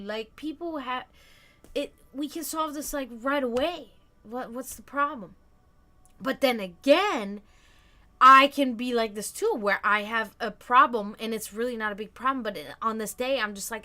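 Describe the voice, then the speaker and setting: A woman's voice: on the high side, moderate pace, bright, forceful tone. A woman hosting a casual livestream, chatting loosely with her viewers, full of fillers and restarts. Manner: chatty, answers chat comments, many fillers and restarts. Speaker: livestream host.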